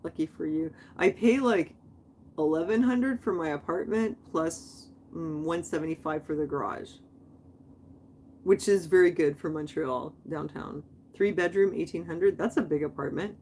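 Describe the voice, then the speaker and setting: A woman's voice: fairly low pitch, normal speed, a little mellow, slight background noise. A middle-aged woman hosting a livestream, talking in a rambling, chatty way, full of "like.". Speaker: livestream host. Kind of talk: casual chat.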